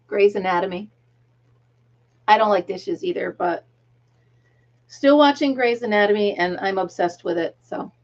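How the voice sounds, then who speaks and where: A medium-pitched middle-aged woman chats casually through her crochet livestream, laughing often and counting stitches aloud while a tickle nags at her throat. The sound is missing its highs.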